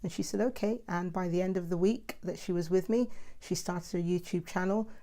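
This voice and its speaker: A woman's voice: lowish voice, steady tone, fairly quick, dark tone. A middle-aged woman, talking casually and animatedly in her own monologue, self-described as the mouthy one. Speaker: host.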